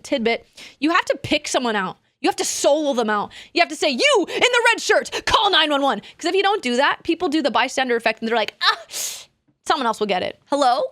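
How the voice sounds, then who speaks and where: A young adult woman streaming, chatting casually in a rambling, animated way that trails off into asides. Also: high-pitched, dry recording, studio quality. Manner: rambling, animated, self-interrupting with laughs. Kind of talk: casual chat.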